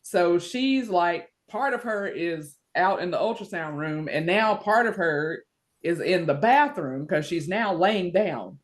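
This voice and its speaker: Animated woman telling a story. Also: fairly low pitch, a little slow. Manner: animated, acts out quoted voices. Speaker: podcast host. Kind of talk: casual storytelling chat.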